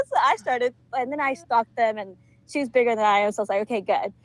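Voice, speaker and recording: A woman's voice: on the high side, fast, no echo, poor audio. A young woman from Georgia telling a story in casual conversation as a podcast guest, full of filler words and frequent laughter. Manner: chatty, leans on filler words and laughs often.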